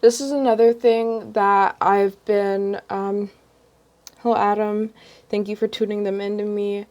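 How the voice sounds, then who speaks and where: A woman's voice: medium pitch, level tone, measured pace, a little mellow. A young woman vlogger chatting casually on a livestream, rambling with many ums and restarts.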